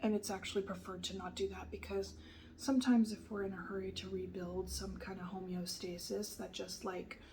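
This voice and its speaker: Soft tarot lady, gentle n reassuring, kinda gravelly, drops to whispers, lots of ums, faint hiss behind. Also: mid-range voice, flat delivery, moderate pace, poor audio. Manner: hesitant, many fillers and restarts. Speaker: tarot reader. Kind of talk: soft-spoken tarot reading.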